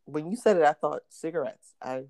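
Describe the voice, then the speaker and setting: Fairly quick and deep-voiced, she co-hosts a laid-back podcast chat, telling lively stories. She voices the quotes herself and laughs often along the way.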